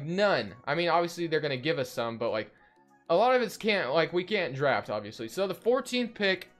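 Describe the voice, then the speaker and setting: A young man casually commentating his basketball video game, rambling and thinking aloud with lots of fillers. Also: fairly high pitch. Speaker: gaming video host.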